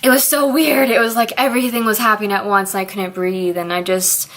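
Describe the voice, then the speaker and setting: A woman's voice: medium pitch, flat delivery, a little fast, a bit bright. A woman vlogger talking candidly in a casual, rambling way, laughing often as she speaks. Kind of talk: casual confessional vlog chat.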